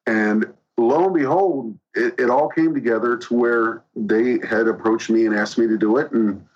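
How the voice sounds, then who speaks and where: A man's voice: mid-range voice, normal speed. A man guest telling stories in a casual interview, hesitating here and there. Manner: storytelling, hesitant with fillers. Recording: dull lo-fi sound.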